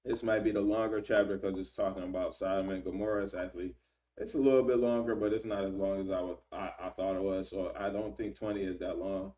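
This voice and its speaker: A man reading scripture aloud and explaining it in relaxed everyday slang, often checking in with "right?". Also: low-pitched, fast, distant mic. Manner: reads scripture then paraphrases in slang, frequent "right?". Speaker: Bible teacher. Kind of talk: casual Bible study reading and commentary.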